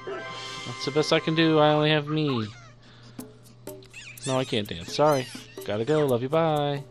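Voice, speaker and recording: A man's voice: on the high side, unhurried, music in the background. A young man giving playful let's-play commentary, chatting to the creatures on screen as he plays. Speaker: gaming YouTuber.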